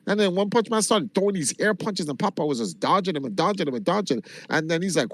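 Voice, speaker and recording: A man from Jamaica, a livestreamer, telling a long story in an animated, casual way and swearing freely. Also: fairly high pitch, fairly quick, few pauses, no echo. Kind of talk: casual chat.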